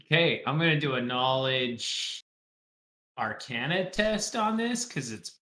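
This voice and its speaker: Bright-voiced eager man in a roomy space. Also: mid-range voice, lively intonation, a little slow. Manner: eager, laughing, easily amused. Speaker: player. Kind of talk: casual tabletop play.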